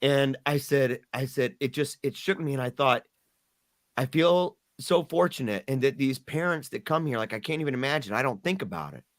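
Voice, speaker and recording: A man's voice: medium pitch, expressive. Earnest man telling a hard story. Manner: earnest, halting, repeats words when moved. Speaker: podcast guest. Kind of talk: emotional personal storytelling.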